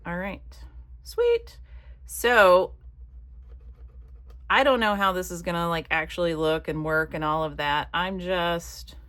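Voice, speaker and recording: A woman chatting casually while she crafts, rambling from one thought to the next and dropping soft muttered asides. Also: fairly low pitch, slow, pauses often. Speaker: craft vlogger.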